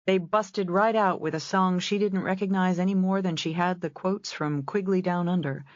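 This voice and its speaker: A woman with a deep, low voice reads a novel aloud in measured scripted narration. The sound is dry and close, with a slightly dull, muffled tone. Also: fairly even intonation, no echo. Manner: measured storytelling reading. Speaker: audiobook narrator.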